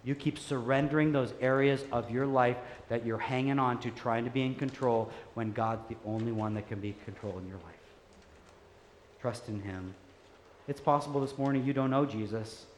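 A man preaching a sermon, earnest and animated, telling stories and urging listeners to keep growing. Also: medium pitch, moderate pace, slight background noise. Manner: earnest, animated storytelling, laughs easily. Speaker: pastor. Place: church sanctuary. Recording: echoey hall with faint ambience.

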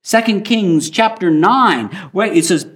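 A man preaching a sermon, his voice pitched a little higher than most men's. He reads scripture slowly and with deliberate emphasis, the way a pastor talks to an online congregation. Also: a bit bright. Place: recorded for online viewers.

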